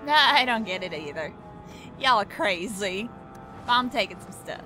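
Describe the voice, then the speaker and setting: A woman's voice: mid-range voice, lively intonation, measured pace. Chatty woman playing a video game. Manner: chatty, exclaiming, self-talking. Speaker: gaming channel host. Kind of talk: let's play commentary. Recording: voice over loud game music. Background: game music and sound effects.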